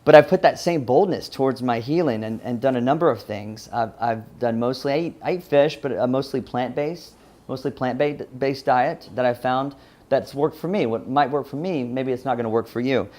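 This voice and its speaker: A man's voice: medium pitch, normal speed, a little mellow. Earnest Southern man. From Louisiana. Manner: earnest, restarts often, laughs at himself. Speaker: speaker. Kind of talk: personal story talk.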